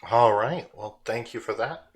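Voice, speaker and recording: A man's voice: mid-range voice, moderate pace. A man in a middle register runs a tabletop game as game master. He describes rooms and characters at an easy pace, with fillers scattered through his narration.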